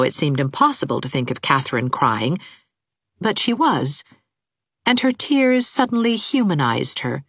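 A woman narrating a novel as an audiobook, in measured, expressive storytelling. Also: deep voice, no echo, clean studio sound. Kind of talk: scripted narration.

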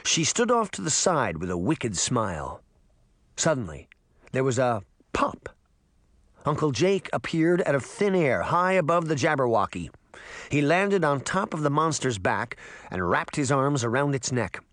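A man narrating a storybook aloud with an expressive reading. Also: mid-range voice, a little slow, dry recording, clean studio sound. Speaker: audiobook narrator.

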